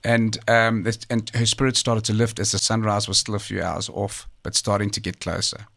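A man narrating a documentary story in a measured, conversational way, with occasional fillers and restarts. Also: on the low side, flat delivery, gravelly, a bit bright. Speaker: storyteller recounting a true survival tale. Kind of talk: documentary narration, partly off the cuff.

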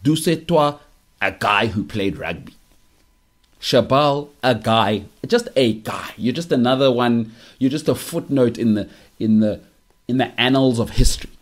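A man's voice: mid-range voice, lively intonation, measured pace. A young South African man hosting a podcast, delivering an opinionated monologue in a teasing, emphatic way that keeps repeating its punchlines. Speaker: podcast host.

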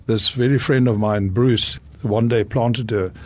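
A man's voice: medium pitch, steady tone, a little slow. A man who is a Christian businessman and guest, sharing his faith in a reflective manner and asking rhetorical questions. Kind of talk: earnest personal testimony.

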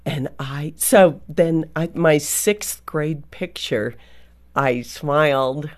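A woman co-hosting a talk show, telling a story in a slow, thoughtful way. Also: sits low. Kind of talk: casual interview chat.

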